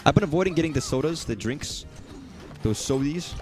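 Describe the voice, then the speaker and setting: A man's voice: fairly high pitch, lively intonation, fairly quick, darkish tone. Profane, rambling young male game streamer. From southern US. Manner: rambling, profane, jokey asides. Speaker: gaming streamer. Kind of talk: casual let's-play commentary. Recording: faint game music behind.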